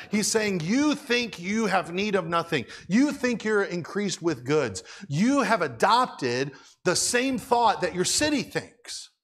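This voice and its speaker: A man's voice: a little high, a bit bright. A man preaching a sermon as a pastor, in a conversational way, asking the congregation questions.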